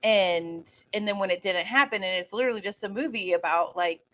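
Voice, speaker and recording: A woman's voice: medium pitch, brisk, fairly bright tone. A woman co-hosting a podcast, talking casually and searching for words as she goes. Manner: rambling, searches for words, many fillers. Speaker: podcast co-host. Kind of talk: casual chat.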